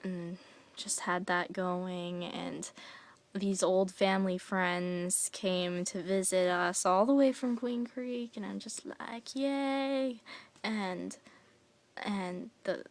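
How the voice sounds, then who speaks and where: Slow, rambling young woman vlogging. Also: fairly low pitch, level tone. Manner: rambling, many fillers, drops into whispery asides. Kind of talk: casual vlog storytelling.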